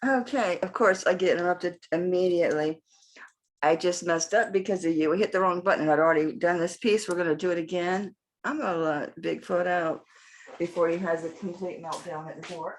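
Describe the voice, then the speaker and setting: A woman's voice: lowish voice, moderate pace, slight background noise, low-quality recording. A woman selling vintage jewelry in a chatty home vlog, showing pieces and talking to her dog. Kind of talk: casual vlog showing items.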